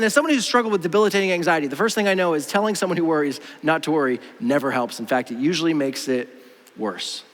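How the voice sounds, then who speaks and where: Thirties male pastor, casual and animated, bright and high, big reverberant hall. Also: rapid-fire. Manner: casual, animated, acts out quoted voices. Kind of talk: sermon. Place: church auditorium.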